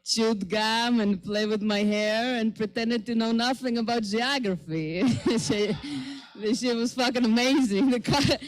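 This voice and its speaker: A woman's voice: fairly high pitch, fairly even intonation, faint music behind, low-quality recording. A woman from the Middle East doing a brash, profane stand-up routine. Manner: brash, profane, quick punchlines. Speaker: stand-up comedian.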